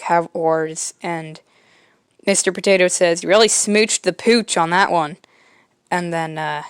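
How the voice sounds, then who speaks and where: A woman's voice: lowish voice, smooth, no echo, studio quality. A woman podcast host casually retelling a homemade comic, rambling with lots of fillers. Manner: rambling, filler-heavy, quietly amused.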